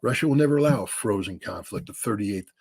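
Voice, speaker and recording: A man's voice: fairly low pitch, expressive, fast talker, darkish tone, husky. A middle-aged man giving blunt, emphatic political commentary in a casual way, with frequent restarts and "you know" fillers.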